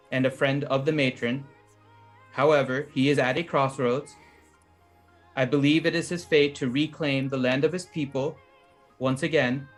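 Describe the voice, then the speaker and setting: Guy at a tabletop game reading a solemn prayer, faint music behind. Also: medium pitch. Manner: earnest, solemn in-character speech. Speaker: player.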